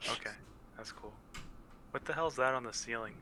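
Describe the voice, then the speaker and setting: A man's voice: mid-range voice, moderate pace, background noise. A man talking as a player in a tabletop game, jokingly speaking as his character. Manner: jokey, playing his character in first person. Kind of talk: casual tabletop play.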